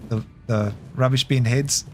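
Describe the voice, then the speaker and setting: A man's voice: medium pitch, fairly even intonation, a little slow, a little hiss or hum. A man with an Australian accent chatting casually with his livestream viewers while playing a game, laughing often. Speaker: game streamer.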